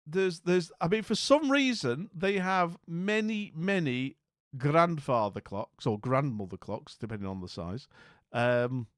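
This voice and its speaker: A man's voice: a little high, expressive, a little slow, no room sound, clean studio sound. A man hosting a casual live chat, wry and rambling, often trailing off into mutters. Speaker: livestream host. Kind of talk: casual live chat reacting to house listings.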